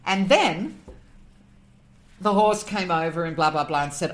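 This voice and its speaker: Brief: woman guest, expressive storyteller who acts out quoted voices; emotional, lower-pitched voice. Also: moderate pace. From Australia. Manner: emotional, moved near tears. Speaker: guest, animal communicator. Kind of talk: storytelling in a podcast interview.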